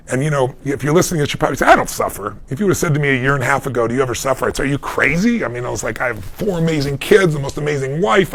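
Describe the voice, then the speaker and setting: Gravelly, emphatic life coach. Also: male voice, on the high side. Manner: emphatic storytelling, acts out quoted voices. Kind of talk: live Q&A advice talk.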